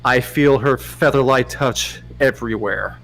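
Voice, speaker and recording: A man as guest reader on a livestream, giving a mock-dramatic, teasing reading and loudly urging the host on. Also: medium pitch, unhurried, rough recording. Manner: teasing, theatrical, swings to loud urging.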